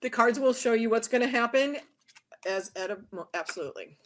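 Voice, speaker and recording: A talkative tarot reader, guesting on an interview, chats casually in a somewhat high, slightly fast female voice, with a little hiss or hum in the audio. She tells her stories with animation, acting out small quoted voices along the way.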